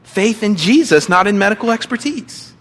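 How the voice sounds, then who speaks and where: A middle-aged man preaching a sermon, reading scripture and acting out quotes with big swings between loud and quiet. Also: high-pitched, animated, normal speed. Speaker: pastor.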